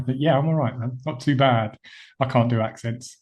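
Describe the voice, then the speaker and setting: A man hosting a horror film podcast in relaxed, chuckling banter with his co-host over a call. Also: mid-range voice, moderate pace. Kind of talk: casual podcast chat.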